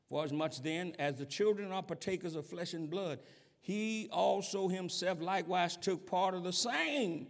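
A man preaching in a slow, measured delivery that swings widely in pitch. He keeps calling out questions for the congregation to answer and climbs into shouted passages. His voice carries a long reverb, as if filling a large hall. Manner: call-and-response preaching, rising to shouts. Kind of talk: sermon.

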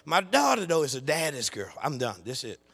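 This older man's sermon carries a family story and calls to the congregation. His gravelly, slightly rough voice moves briskly, its pitch swooping wildly as it ranges from hushed murmurs to passionate shouts.

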